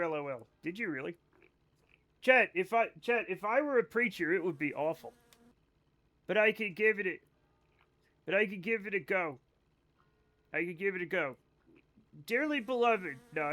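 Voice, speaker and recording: A man chatting live with his viewers while he plays. His voice sits high, and he rambles from one joke to the next, often mocking himself. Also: bright, forceful tone. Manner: rambling, joking, playfully self-mocking. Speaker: live streamer. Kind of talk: casual gameplay chat with viewers.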